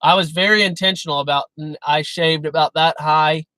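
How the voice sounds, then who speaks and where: A man's voice: on the high side, steady tone, brisk, sharp tone, no room sound, rough recording. A man hosting a live stream, talking casually but emphatically about faith, often breaking off and restarting. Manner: emphatic, earnest, self-interrupting. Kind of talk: casual preaching chat.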